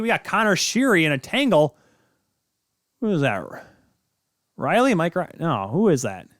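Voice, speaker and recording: In clean studio audio without echo, a male podcaster with a mid-range voice talks hockey in a casual, jokey way, wandering off on tangents and correcting himself as he goes.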